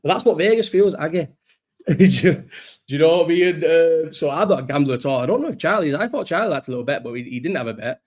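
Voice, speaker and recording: A man's voice: on the high side, animated, fast, darkish tone. A young man, chatting casually and rambling on a live stream, swearing and laughing often. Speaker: livestream host. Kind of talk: casual chat reading live chat.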